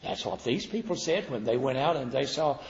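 An older man preaching a sermon in a folksy, animated storytelling manner, acting out the voices he quotes. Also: mid-range voice, fairly quick, slight background noise. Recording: roomy hall reverb, dull lo-fi sound.

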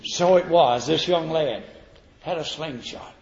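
An older man preaching a sermon in a folksy, animated storytelling manner, acting out the voices he quotes. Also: fairly high pitch, unhurried, creaky. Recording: roomy hall reverb, dull lo-fi sound.

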